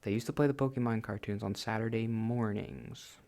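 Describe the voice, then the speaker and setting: This gaming host, in his late twenties, has a lowish, gravelly and slightly mellow voice that stays steady at normal speed. His let's-play talk is loose and rambling, and he often laughs at himself in a self-deprecating way.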